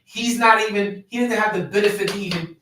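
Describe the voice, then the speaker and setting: A man's voice: high-pitched, fairly even intonation, a little fast, distant mic, background noise. Emphatic man in an echoey room. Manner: emphatic, repeats key phrases. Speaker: podcast host, men's coach. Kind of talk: conversational coaching talk. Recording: very echoey room, voice away from mic.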